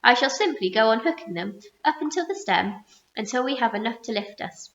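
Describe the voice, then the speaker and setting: A woman voicing an earnest, resourceful young boy who calmly explains his plan in a storybook reading. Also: a little high, fairly quick. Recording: roomy muffled recording.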